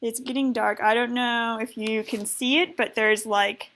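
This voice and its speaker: A woman's voice: fairly high pitch, fairly even intonation, a little slow, a bit bright, low-quality recording. An American woman hosting a live stream, chatting in a heartfelt way with lots of fillers, thanking viewers and reading the chat aloud. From United States.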